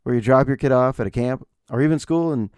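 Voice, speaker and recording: A man's voice: medium pitch, fast talker, darkish tone, clear, resonant tone, no room sound, clean studio sound. A man in his forties hosting a podcast, telling stories casually and sarcastically and acting out the people in them. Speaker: podcast host. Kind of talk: casual solo storytelling.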